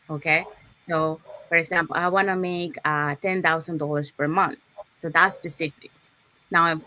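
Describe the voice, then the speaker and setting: Woman, lower voice, live workshop presenter, explanatory, checks in with "okay?". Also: a bit bright. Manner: unscripted, with fillers and restarts.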